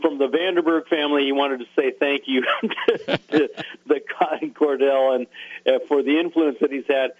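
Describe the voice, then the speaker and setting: A man co-hosting a radio show, reminiscing in a rambling, halting way. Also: mid-range voice, fairly even intonation, muffled recording. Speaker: radio co-host. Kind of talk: casual radio chat.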